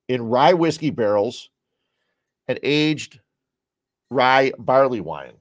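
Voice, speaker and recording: A podcast host with a Chicago-area American accent talks solo at home, sipping beer and wandering casually from one topic to the next. His mid-range voice has lively intonation, and he speaks slowly with long pauses. The studio-quality recording has no echo.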